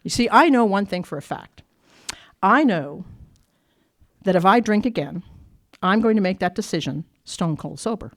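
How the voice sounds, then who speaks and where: An Irish woman speaks to a recovery meeting in a workshop meeting room, sharing her personal story bluntly and candidly and laughing often. Her medium-pitched voice is animated, her pace moderate, and she leaves long pauses.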